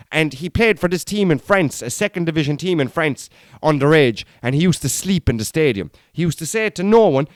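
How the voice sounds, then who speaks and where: A man talking through a casual podcast monologue in a fairly high, smooth, resonant voice. He is blunt and opinionated, swears without a second thought, and rambles with restarts. The sound is dry and close. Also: dry recording. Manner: rambling, with frequent fillers and restarts. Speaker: podcast host.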